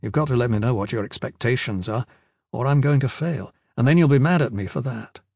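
A man voicing a sarcastic, anxious young woman tutor, his pitch lifted a little. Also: fairly quick, vocal fry, a little mellow, breathy edge, no room sound, studio quality.

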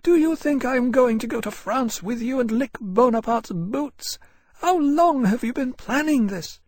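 Casting: man putting on a high, fierce young woman captain, scornful, husky. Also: measured pace, dark tone, dry recording, clean studio sound, heavily acted. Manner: high, angry, defiant.

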